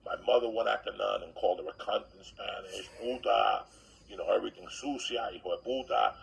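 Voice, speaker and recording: A man telling a profane comic story in a loud, animated way, acting out other people's lines. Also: fairly low pitch, brisk, low-quality recording. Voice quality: gravelly.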